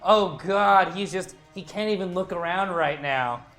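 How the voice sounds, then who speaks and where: A man narrating as game master of a tabletop game, animated and laughing, with quick bursts of narration. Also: sits high, faint music behind.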